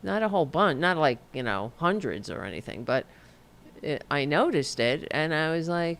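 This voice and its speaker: A middle-aged woman hosting a casual political livestream, animated and sarcastic, swearing freely. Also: low-pitched, normal speed. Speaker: host.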